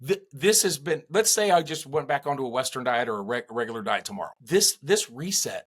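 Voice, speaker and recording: A middle-aged man in casual podcast chat, animated and rambling, with many restarts. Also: mid-range voice, a little fast, husky. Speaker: podcast co-host.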